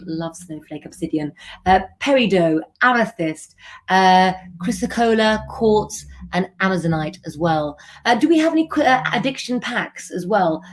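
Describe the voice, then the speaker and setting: A middle-aged woman with a medium-pitched voice hosts a live stream, chatting affectionately with viewers and giving tarot readings.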